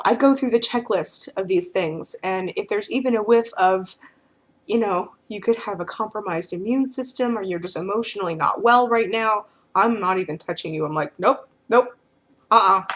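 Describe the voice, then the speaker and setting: Frank, rambling woman vlogger. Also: medium pitch. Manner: rambling, frank, with frequent filler phrases. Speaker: vlogger answering questions. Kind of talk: casual talk to camera.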